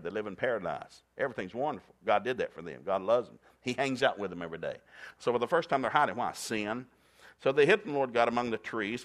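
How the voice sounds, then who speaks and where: A middle-aged man preaching a sermon, telling stories with humor and calling on the congregation to repeat after him. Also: lowish voice. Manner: animated, playful storytelling with call-and-response. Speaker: pastor.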